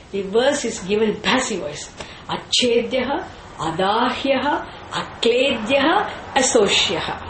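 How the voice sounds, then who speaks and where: A woman's voice: medium pitch, echoey room, a little hiss or hum, low-quality recording. A woman teaching a scripture class. She chants Sanskrit terms and asks and answers her own questions. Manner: slow and deliberate, repeats and chants Sanskrit terms.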